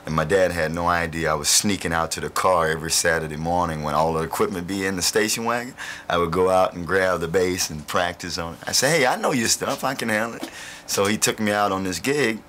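A man's voice: sits low, fairly even intonation, a little fast, fairly bright tone, a little hiss or hum. A male blues musician, telling rambling stories with laughter. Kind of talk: relaxed storytelling interview.

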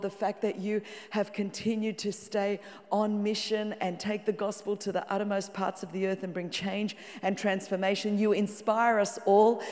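A woman's voice: medium pitch, steady tone, normal speed, a little mellow, big-room sound. A woman in her fifties with an Australian accent, preaching as a guest pastor in an exuberant, joking way. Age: 50s. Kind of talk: sermon. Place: large church.

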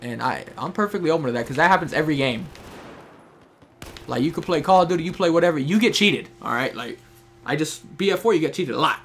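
A man's voice: on the high side, animated, fast, creaky, fairly bright tone, slight background noise. Chatty young man commenting on gameplay. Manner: chatty, talks to teammates and viewers while playing. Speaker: gameplay streamer. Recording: faint game gunfire behind.

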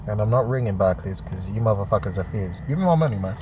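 An English-accented vlogger speaks fast in a low, expressive voice, cursing and laughing in disbelief at a cash machine in a town square. It's an exasperated rant captured on a phone, with street noise behind him.

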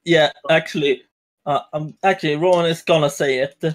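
A man playing a tabletop game, relaxed and quick to laugh. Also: fairly high pitch. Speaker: player. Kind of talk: casual tabletop game chat.

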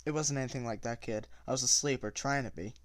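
A man's voice: mid-range voice, fast, natural voice. A man voicing a tough, cocky teenage hoodlum who speaks offhandedly and laconically. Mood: offhand.

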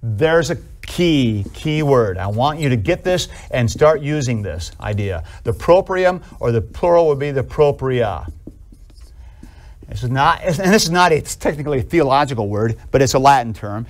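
A man teaching theology in a classroom lecture, animated and conversational, asking students questions and acting out little scenes. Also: mid-range voice. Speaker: theology professor.

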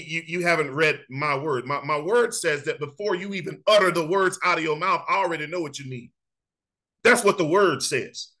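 A man preaching at a Bible study, his voice pitched high for a man and bright and forceful in tone. He builds his points by repetition, talking straight to the crowd in an impassioned, conversational way. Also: low-quality recording. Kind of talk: sermon-style Bible teaching.

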